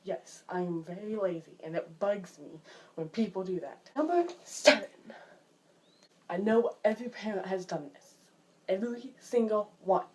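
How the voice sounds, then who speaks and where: A teenage girl vlogging from home, chatting and complaining in an exasperated way while acting out everyday scenes in lively voices. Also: mid-range voice, measured pace, slight background noise. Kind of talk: casual vlog rant. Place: her home, indoors.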